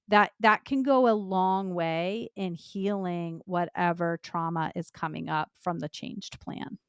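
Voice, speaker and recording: A woman's voice: medium pitch, measured pace, clean tone, no room sound, studio quality. A woman hosting a podcast, talking earnestly and with empathy about clients she counsels. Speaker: podcast host, lactation consultant. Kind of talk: podcast conversation.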